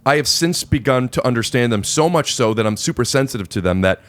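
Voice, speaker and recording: A man's voice: medium pitch, animated, fast, a bit bright. A man hosting a podcast, talking earnestly and analytically in casual conversation, picking apart small talk. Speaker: podcast host.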